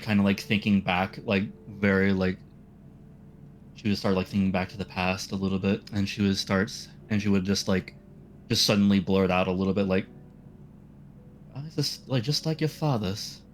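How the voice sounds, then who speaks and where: A man playing a tabletop role-play game, speaking in a hesitant, halting way with many fillers. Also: low-pitched, flat delivery, a little hiss or hum. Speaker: player. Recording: faint background music.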